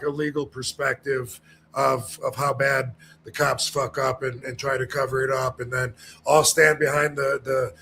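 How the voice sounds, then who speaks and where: A man talking casually on a podcast, his voice sitting a little high. He rambles through fillers and restarts and acts out the people he quotes. A faint noise hangs under the recording. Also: creaky, a bit bright.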